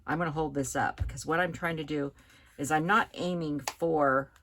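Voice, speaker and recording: A woman with a low, gravelly voice talks through a card-making tutorial in a relaxed, chatty way. She explains each step as she works at her table, with faint tool clicks in the background. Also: normal speed, noisy background. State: hiccups. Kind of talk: hands-on craft tutorial.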